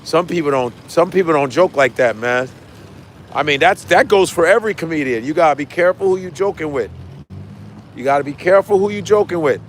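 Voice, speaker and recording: An American comedian hosts his own livestream, chatting loosely with viewers, swearing, and repeating lines for emphasis. His voice is a little high, expressive, and fairly quick, with slight background noise.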